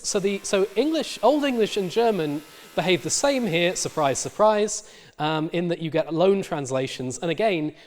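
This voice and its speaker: A middle-aged male university lecturer with a fairly high-pitched voice explains word history in a recorded lecture, full of fillers and restarts.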